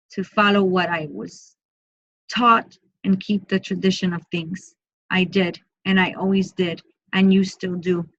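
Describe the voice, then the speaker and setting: A woman working as a medium, giving an online group reading in a soft, slow, repetitive way and often speaking in first person for the spirit. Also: medium pitch, dry recording, dull audio.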